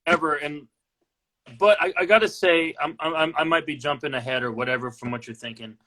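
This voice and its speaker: A man's voice: a little high, brisk, sharp tone, poor audio. A man co-hosting a casual horror movie chat, easygoing and often answering with short agreeing replies. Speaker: co-host of a horror movie discussion.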